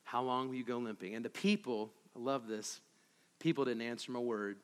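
A man preaching a sermon as pastor, swinging between loud emphasis and hushed asides and throwing rhetorical questions at the congregation. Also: medium pitch, steady tone, fairly quick, long reverb tail.

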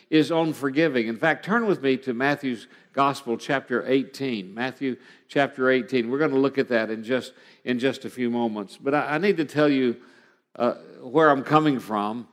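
Middle-aged guy preaching, earnest and personal, gets emphatic at points, echoey church hall. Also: mid-range voice. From Oklahoma, USA. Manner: earnest storytelling, rising to emphatic passages. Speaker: pastor. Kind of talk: sermon. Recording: long hall reverb.

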